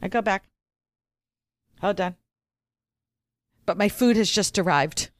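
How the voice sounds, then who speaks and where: A woman's voice: mid-range voice, takes it slowly, no echo, clean studio sound. A woman co-hosting a podcast, chatting casually and teasing, giggly, at a table microphone. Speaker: podcast co-host. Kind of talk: casual chat. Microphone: studio microphone at a table.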